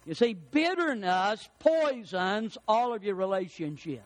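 A middle-aged man preaching a folksy sermon, swinging between loud emphasis and hushed, prayerful passages. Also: high voice, animated, unhurried, no room sound. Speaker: pastor.

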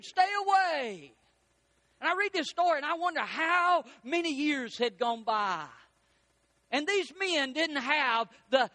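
High-voiced preacher, folksy and dramatic. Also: male voice, bright, forceful tone, no room sound. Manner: folksy preaching with dramatic rises and slowed emphasis. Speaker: pastor. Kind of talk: sermon.

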